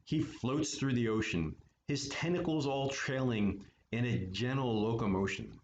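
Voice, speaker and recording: A man reading a children's picture book aloud at story time, with relaxed, chatty asides. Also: mid-range voice, a little slow, muffled recording, a little hiss or hum. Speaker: story time reader for an art studio. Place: art studio.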